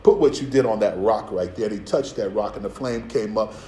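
A man's voice: on the low side, a little fast, warm tone, echoey room, a little hiss or hum, low-quality recording. A man preaching a sermon as pastor, streetwise and playful, with asides and acted-out voices. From Philadelphia.

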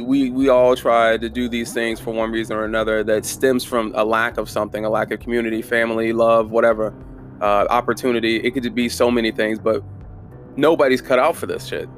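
A man's voice: mid-range voice, level tone, brisk, faint music behind. A young man telling a personal story in a candid, reflective way, with frequent swearing. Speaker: vlogger telling a life story.

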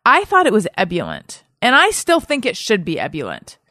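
A woman's voice: sits high, very animated, fairly quick, bright, forceful tone, no echo, clean studio sound. A woman hosting a podcast, chatting in a playful, rambling way. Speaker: podcast host. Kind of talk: casual chat.

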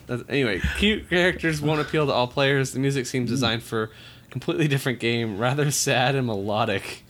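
A man's voice: medium pitch, fairly quick, a bit bright. A man co-hosting a casual podcast, reading old game reviews aloud and joking crudely. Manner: joking, crude, laughs often. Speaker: podcast co-host.

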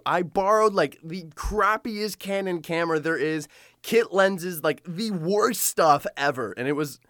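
A young man talks straight to the camera in a loose, rambling vlog style, packing his sentences with fillers and quick restarts. His pitch sits right in the middle for a man. The sound is dry and close, with almost no room around it. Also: dry recording. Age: young adult. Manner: fast, animated, full of fillers and restarts. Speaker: photographer telling his story. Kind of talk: casual personal storytelling.

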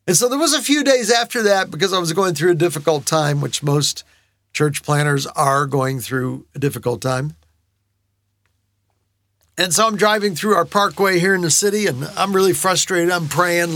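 A middle-aged man preaching with a high, bright-sounding voice and a lively, story-driven delivery. He jumps into shouted punchlines and playful voices. The sound is close and dry, with no room around it. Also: brisk, dry recording. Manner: animated storyteller, acts out his kids' chants and shouts. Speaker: pastor. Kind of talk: sermon storytelling.

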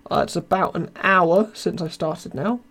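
High-pitched and a bit bright, this young adult from Britain takes his time as he hosts a laid-back live podcast. He's tired and his voice is wearing thin, yet he keeps rambling, mocking himself, and reading out the chat in a British accent.

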